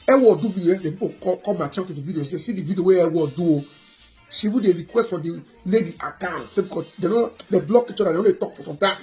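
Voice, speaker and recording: A Nigerian woman hosting a gossip channel, talking in an animated, excitable way. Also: on the low side, quick pace, soft background music. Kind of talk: animated casual commentary.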